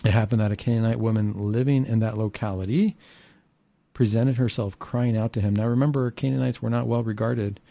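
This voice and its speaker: A man's voice: fairly low pitch, fairly even intonation, fairly quick, gravelly, mellow, no room sound. A man preaching a sermon who acts out the quoted lines of the people in the story and asks the listeners questions.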